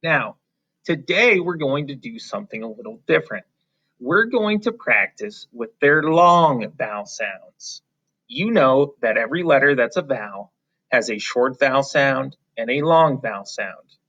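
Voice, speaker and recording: A man teaching a phonics lesson to young children, patient and encouraging, drawing out letter sounds slowly and clearly. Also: mid-range voice, expressive, a bit bright. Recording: slightly dull, lo-fi.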